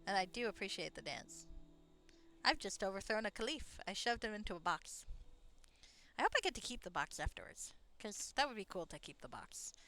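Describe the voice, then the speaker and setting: Young woman chatting on her game stream, bubbly and lively, soft game music under her. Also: mid-range voice, fairly quick. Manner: bubbly, chatty, laughs often. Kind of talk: casual live-stream chat. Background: faint game music.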